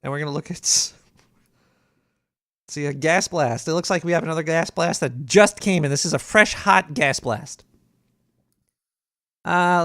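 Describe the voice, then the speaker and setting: This man's fairly high, fairly bright voice comes through dry and studio quality as he hosts a comedic call-in radio show as a paranoid cartoon rat. Reading emails, he rambles, trips over his words and restarts.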